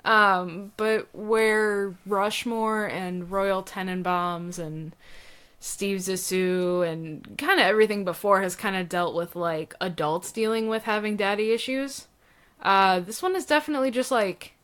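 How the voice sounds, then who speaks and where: A woman co-hosting a podcast, chatting casually about films, animated and laughing, with many fillers. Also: mid-range voice, measured pace, smooth. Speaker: podcast co-host. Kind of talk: casual film discussion.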